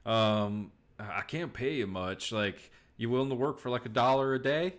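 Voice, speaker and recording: A man voicing a hard-up older frontier rancher who speaks with a folksy, halting drawl. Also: mid-range voice, lightly acted. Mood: weary.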